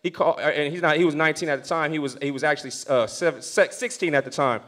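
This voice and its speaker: A pastor telling a story from the pulpit, animated and acting out the voices of the people in it. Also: male voice, a little high, fast talker. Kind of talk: storytelling sermon.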